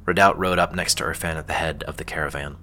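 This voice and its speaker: Deep-voiced male fantasy narrator. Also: steady tone, quick pace, sharp tone.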